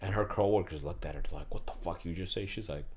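A young man from New Jersey with a Jersey accent, telling stories in a casual, profane, animated chat. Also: deep voice, fast, husky. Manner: animated, laughing, profane storytelling.

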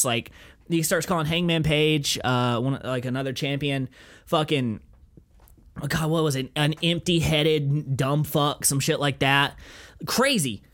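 A young man hosting a podcast, telling a story in a profane, rambling, excitable way. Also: a little high, unhurried. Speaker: podcast host. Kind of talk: casual chat.

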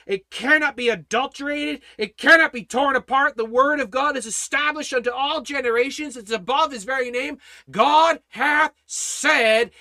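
A man teaching a Bible study as a sermon, preaching with passion and swinging between loud declarations and hushed, prayerful passages. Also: extremely high pitch, no echo, clean studio sound.

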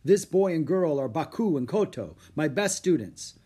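A man voicing a kindly old male poet who speaks in a gentle, formal way. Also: fairly high pitch, animated, moderate pace, husky, voice pushed up.

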